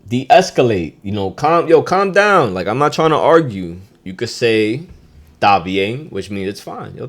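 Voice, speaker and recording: Male podcast host with a lowish voice, relaxed and slangy, who punches out each Spanish phrase with loud emphasis. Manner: laid-back street slang. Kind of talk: casual slangy lesson.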